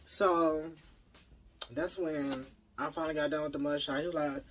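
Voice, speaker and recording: A tired man telling a casual, profane story to his viewers, jumping from loud outbursts to low mumbles. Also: moderate pace, slight background noise. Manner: profane, slangy.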